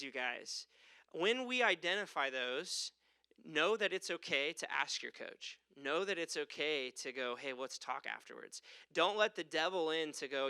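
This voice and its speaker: A man's voice: a little high, creaky, clean tone, dry recording. A man leading a church training session for small-group leaders, talking animatedly, asking the room questions and acting out what people say. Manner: animated, acts out quoted speech, asks the room questions.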